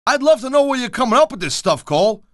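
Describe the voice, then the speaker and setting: A man's voice: very high-pitched, very animated, quick pace, fairly bright tone, dry recording, clean studio sound. A middle-aged man doing color commentary for a wrestling video game, blunt and wisecracking with tough-guy slang.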